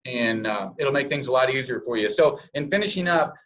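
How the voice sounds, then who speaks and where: A man's voice: mid-range voice, lively intonation, fairly quick, a bit bright, highs cut off. A man giving a sales training presentation over a call, coaching listeners and acting out example scripts in different tones.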